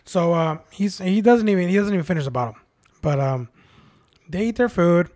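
A man's voice: sits high, moderate pace, a little mellow, no echo, clean studio sound. Laughing man telling bar stories. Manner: rambling, laughing, swears a lot. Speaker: podcast guest, bartender. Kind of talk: casual storytelling chat.

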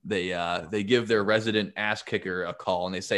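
A man's voice: deep voice, fairly quick, hardly any pauses, a bit bright. A man hosting a podcast, retelling myths in a jokey, rambling casual way. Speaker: podcast host. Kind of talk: casual storytelling.

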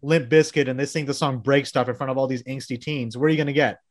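Texan male host, chatty, quick laughs, casual interview read. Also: mid-range voice, steady tone, dry recording, clean studio sound. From Texas. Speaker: podcast host. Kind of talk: casual interview, lightning-round questions.

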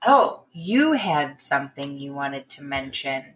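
A woman co-hosting a casual comedy podcast, talking in a playful way with deadpan asides. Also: extremely low pitch, measured pace. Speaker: podcast co-host.

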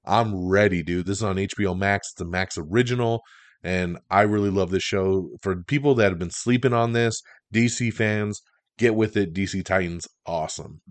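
A man's voice: low voice, moderate pace, no echo. A man hosting a casual entertainment news rundown, chatty and opinionated with lots of fillers. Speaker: host of an entertainment news show.

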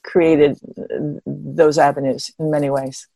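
Older woman, lively wry storyteller. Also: low-pitched, takes it slowly, creaky, no room sound. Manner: animated, expressive storyteller with a wry humor. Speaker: interview guest, pioneering marathon runner. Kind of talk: conversational storytelling.

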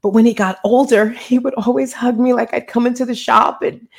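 A woman's voice: a little high, fairly even intonation, brisk, creaky. A middle-aged woman, an interview guest and author, earnestly retelling a personal story in a conversational way and acting out the dialogue.

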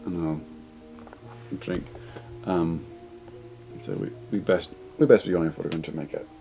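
Deep-voiced Scottish gent, man playing, stiffly polite, music bed. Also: measured pace, vocal fry, warm tone, poor audio. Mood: formal. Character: proper, reserved gentleman. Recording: faint music beneath.

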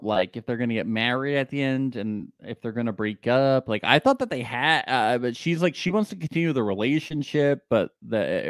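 A man's voice: mid-range voice, dry recording. A man co-hosting a casual podcast chat, sarcastic, often mimicking other people in mock voices. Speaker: podcast co-host. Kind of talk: casual chat recapping a reality show.

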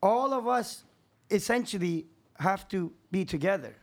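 A man's voice: high voice, lively intonation, a little slow. A man, a contractor and podcast guest, talking in casual chat with a profane, emphatic, preachy manner.

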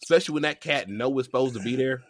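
A man co-hosting a podcast, talking in a casual, animated and incredulous way. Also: mid-range voice, rapid-fire, no room sound, studio quality. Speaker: podcast co-host. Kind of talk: casual chat.

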